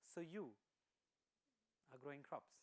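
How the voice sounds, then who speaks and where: A man voicing a calm, wise male sage who gently repeats probing questions. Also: fairly high pitch, slow.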